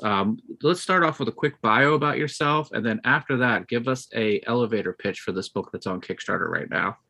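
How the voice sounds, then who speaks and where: A man's voice: fairly low pitch, sharp tone. A man hosting a podcast, opening the show and prompting his guest with questions. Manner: friendly, prompting questions with fillers. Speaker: podcast host. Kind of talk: podcast interview.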